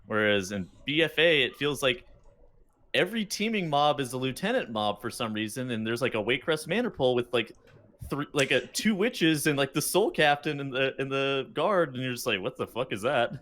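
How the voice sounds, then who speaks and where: A man's voice: mid-range voice, big pitch swings, moderate pace, a bit bright. A man who casts esports, co-hosting a gaming podcast and talking in a loose, offhand way. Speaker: podcast co-host and esports caster. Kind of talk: casual gaming podcast chat.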